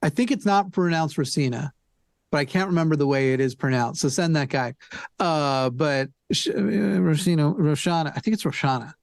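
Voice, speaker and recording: A man's voice: on the high side, brisk, clear, resonant tone, dry recording. A man joining a charity livestream as a guest, joking, teasing and thinking aloud while he fixes his stream settings. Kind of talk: casual livestream chat.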